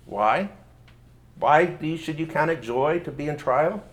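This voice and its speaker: A man's voice: fairly high pitch, lively intonation, unhurried. A man preaching a sermon in an earnest manner, often repeating words as he goes. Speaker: pastor.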